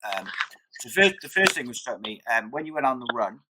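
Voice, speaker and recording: A man's voice: medium pitch, big pitch swings, a little fast, background noise. A man hosting a podcast, asking hesitant, searching questions and calling his guest "mate". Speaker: podcast host. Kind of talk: interview questions.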